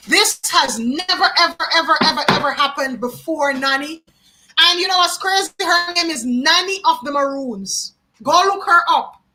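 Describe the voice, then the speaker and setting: A woman's voice: very high-pitched, sharp tone, a little hiss or hum. A woman from Jamaica, giving a live psychic card reading and musing aloud, often repeating names and phrases. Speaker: tarot card reader.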